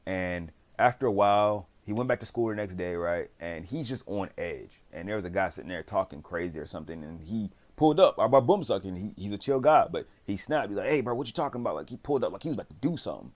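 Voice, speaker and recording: Slangy, rambling man with a lowish voice. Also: animated, quick pace, hardly any pauses, darkish tone. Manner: slangy, rambling storyteller who acts out quotes. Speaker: drama reviewer. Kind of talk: casual recap of a TV series.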